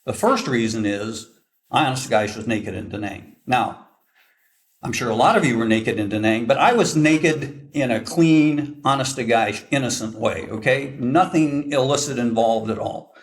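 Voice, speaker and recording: An older man tells a folksy, self-deprecating story to a gathered audience, switching into the voices of the people in it. His pitch sits in the middle for a man. He sounds set back from the microphone. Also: animated, moderate pace. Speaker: guest speaker, veteran forward air controller. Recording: voice from a distance.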